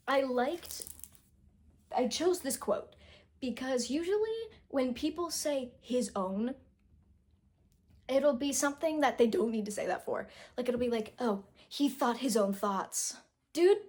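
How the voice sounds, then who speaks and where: A chatty young woman with a fairly high voice reviews a book to camera. She rambles through fillers and restarts, and she trips over words when she reads passages aloud. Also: a little mellow. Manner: chatty, self-deprecating, frequent fillers and restarts. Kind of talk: casual book review chat.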